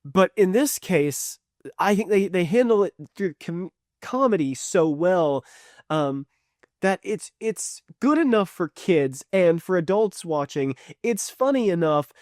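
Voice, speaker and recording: A man's voice: high-pitched, lively intonation, unhurried, darkish tone, no echo, clean studio sound. A man reviewing a cartoon series in a rambling, chatty way. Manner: rambling, chatty, with fillers and restarts. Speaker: video reviewer. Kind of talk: casual retrospective review.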